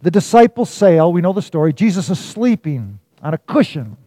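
A male pastor delivers a sermon in a slightly high, mellow voice. He moves between raised, emphatic lines and soft, hushed passages. The sound is dry and close. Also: big pitch swings, normal speed, no room sound. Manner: storytelling with dramatic swings from loud to hushed.

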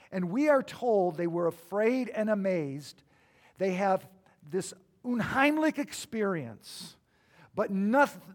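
A middle-aged man preaching a sermon, swinging between loud emphatic bursts and quiet, low asides as he tells stories. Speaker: pastor.

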